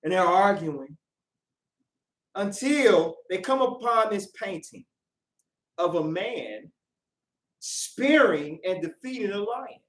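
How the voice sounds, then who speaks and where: A man's voice: high voice, lively intonation, slow, pauses often. A man leading a Sabbath lesson, talking conversationally and checking in with rhetorical questions. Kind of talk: lesson with storytelling. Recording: roomy echo, mic at a distance.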